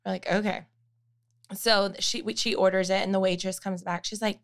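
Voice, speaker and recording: A young woman in casual chat, telling a story with lively acted-out quotes. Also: mid-range voice, fairly quick. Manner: animated storyteller, acts out quotes.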